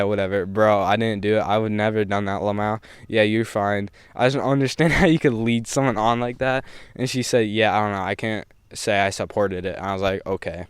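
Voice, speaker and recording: A young vlogger tells a laid-back story packed with slang and quick laughs. His voice sits on the low side and comes through smooth and clear on a close mic. The recording is dry, with no room sound at all.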